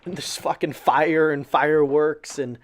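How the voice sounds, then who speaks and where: A man casually recapping a wrestling show in a loose, filler-heavy way, swearing freely and breaking into excited disbelief. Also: fairly high pitch, measured pace.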